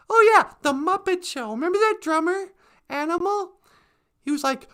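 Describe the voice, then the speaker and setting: A woman's voice: very high-pitched, lively intonation, moderate pace, fairly bright tone. A woman hosting a casual comedic live stream, playful and giggly.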